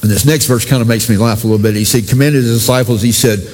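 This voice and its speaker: A man's voice: mid-range voice, steady tone, fast talker, a little mellow, slight background noise. A male pastor preaching a sermon in a conversational way, talking directly to his congregation. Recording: long reverb from a church hall.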